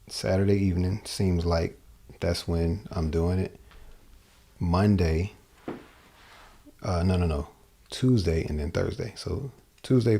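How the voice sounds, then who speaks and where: A man's voice: sits low, creaky, mellow, husky. A man giving a casual livestream guitar lesson, thinking aloud and often repeating and restarting his phrases, with a guitar behind him. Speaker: guitar teacher. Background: guitar playing.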